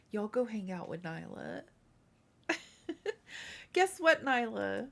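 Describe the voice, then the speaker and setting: Woman, livestream host, unhurried chatty talk, gravelly voice, fusses at her cat. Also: mid-range voice. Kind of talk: casual livestream chat. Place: home room.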